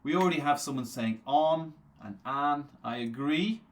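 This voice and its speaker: A man teaching a live interactive English lesson. He repeats words slowly to drill their pronunciation and answers viewers' chat comments by name. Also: a little high. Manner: reads viewer names aloud from the chat and answers them.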